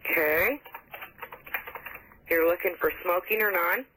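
A woman's voice: fairly low pitch, unhurried, bright, forceful tone, a little hiss or hum. A woman working as a hotel reservations clerk on a phone call, polite and trying to stay professional while giggling. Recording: tinny phone line.

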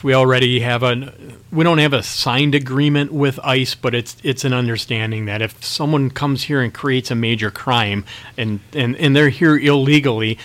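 A middle-aged man, a county sheriff, answering questions in a radio interview, talking haltingly with many restarts and fillers. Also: medium pitch, fairly bright tone.

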